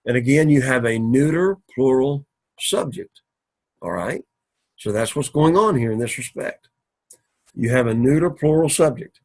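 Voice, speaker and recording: Husky-voiced man teaching a methodical class. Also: mid-range voice, expressive, darkish tone. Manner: methodical, repeats and rephrases, pauses to clear throat. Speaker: Greek teacher. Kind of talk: recorded classroom lecture. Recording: recorded for an online class.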